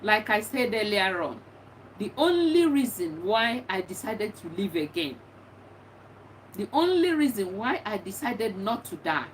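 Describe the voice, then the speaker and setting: A middle-aged woman, a bereaved mother, giving earnest and encouraging advice, often repeating herself. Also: medium pitch. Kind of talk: personal testimony talk. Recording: distant mic with faint background noise.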